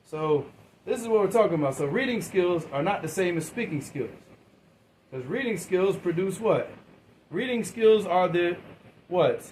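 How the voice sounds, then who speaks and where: A man's voice: sits high, animated, moderate pace, a little mellow, a little hiss or hum, low-quality recording. A man giving a classroom lecture, asking his students questions and waiting for answers, often repeating and restarting words in an informal way. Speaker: teacher.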